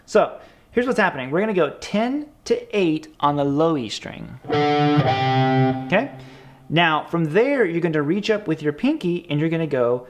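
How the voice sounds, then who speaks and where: A man teaching a guitar lesson in an energetic, upbeat, chatty way, with guitar playing behind him. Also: a little high, a little slow.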